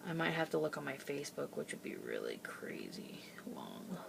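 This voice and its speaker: A woman's voice: deep voice, normal speed, creaky, background noise. Laughing young woman telling a story. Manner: animated, laughing often, lively retelling with quoted dialogue. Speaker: vlogger. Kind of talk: casual storytelling to camera.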